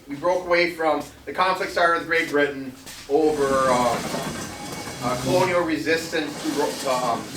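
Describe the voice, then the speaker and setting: A man's voice: a little high, noisy background. A man giving a casual history lecture to a live audience, rambling with many ums and restarts and jokey asides. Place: veterans center hall. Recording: echoey hall, voice from far off.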